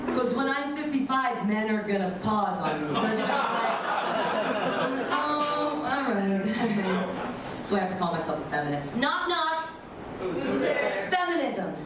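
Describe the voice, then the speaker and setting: A woman's voice: on the high side, moderate pace, a loud crowd. Bawdy stand-up woman, echoey and distant. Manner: bawdy, deadpan punchlines. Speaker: stand-up comedian. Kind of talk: stand-up comedy set. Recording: echoey room from far off, noisy.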